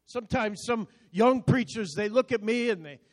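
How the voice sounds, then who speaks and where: A pastor in his sixties preaches a sermon emphatically, swinging suddenly between loud and soft and often repeating words as he begins a phrase. His voice sits high, and he talks at a normal speed.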